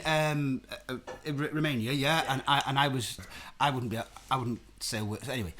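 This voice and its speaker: A man's voice: mid-range voice, a bit bright. A man hosting a live online show, ranting and swearing, calling people brother, with stammering restarts. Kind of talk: ranting live stream chat.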